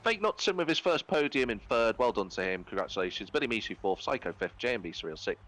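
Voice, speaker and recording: A man giving live commentary on an online racing league, his voice rising high and animated as he calls out finishing positions. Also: quick pace. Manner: excitable, jumps high when calling positions. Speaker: race commentator. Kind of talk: live esports race commentary.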